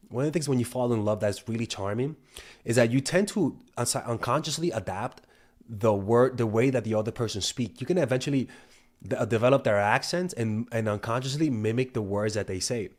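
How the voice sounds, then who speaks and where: A young man giving casual dating advice, swearing freely and often restarting his sentences. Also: medium pitch. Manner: profane, storytelling, frequent restarts and stumbles. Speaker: dating coach. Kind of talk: casual talking-head advice.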